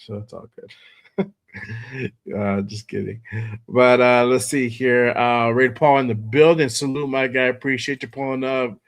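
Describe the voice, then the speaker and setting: A man hosting a fan livestream from home, hoarse from a cold, laid-back and greeting viewers by name. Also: medium pitch, fairly even intonation, unhurried. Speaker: host of a fan show. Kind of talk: casual livestream chat.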